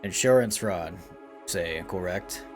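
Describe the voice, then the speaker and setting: A cold, measured lord questioning prisoners, voiced by a man running the game. His voice sits low, and he is clipped and condescending. Soft music runs behind him. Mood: interrogating. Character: stern male lord, cold interrogating jailer.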